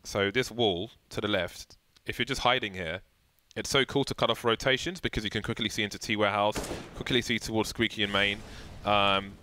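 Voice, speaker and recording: A man casting a live esports match, with excitable, jokey play-by-play. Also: lowish voice, fairly quick, few pauses. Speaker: esports caster.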